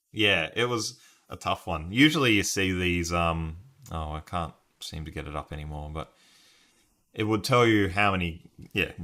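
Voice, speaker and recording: Using a webcam stream setup, a man casually live-streams a word puzzle, reasoning aloud through his guesses and addressing viewers by name. His voice is low-pitched, bright and forceful.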